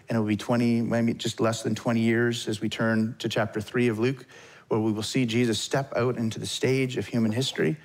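A man preaching a sermon as a pastor, talking in a conversational way and acting out anguished prayers. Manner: conversational, acts out prayers with rising pitch.

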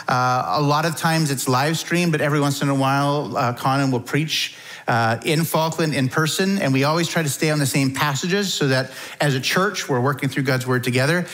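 A middle-aged man preaching a sermon to his church in a relaxed, conversational way, with frequent fillers. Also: fairly high pitch, normal speed, rough recording. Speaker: pastor.

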